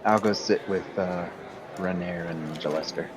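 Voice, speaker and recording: A man playing in a tabletop game, chatting in an animated, playful way. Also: sits low, moderate pace, crowd noise. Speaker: player. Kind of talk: casual tabletop play.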